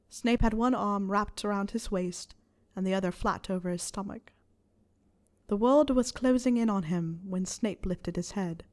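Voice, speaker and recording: A woman reading fan fiction aloud in a soft, steady storytelling voice. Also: medium pitch. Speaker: reader.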